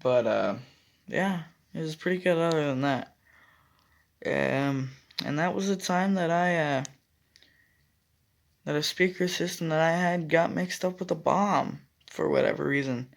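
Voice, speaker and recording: A man's voice: on the high side, unhurried, gravelly, pauses often. A young man casually telling a school story to his viewers, rambling and correcting himself as he acts out what others said. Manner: rambling, self-correcting, acts out quoted lines. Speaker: vlogger.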